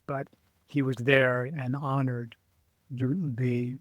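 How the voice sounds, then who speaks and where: A middle-aged adventurer-author with a mid-range voice guests on a casual interview show, captured in a dry recording. He tells lively stories, impersonates the people he quotes, and often restarts his sentences.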